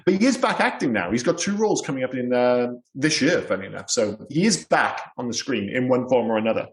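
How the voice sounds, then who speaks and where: A man co-hosting a casual film podcast, animated and quick to swear and laugh. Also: mid-range voice. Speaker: podcast co-host. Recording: roomy echo.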